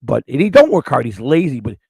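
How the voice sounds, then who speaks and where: Middle-aged guy rambling fast, gravelly voice, dry close sound. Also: mid-range voice, wildly swooping pitch, darkish tone, dry recording. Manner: rambling, storytelling, crude and emotional. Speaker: livestream host. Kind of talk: casual chat with the live chat.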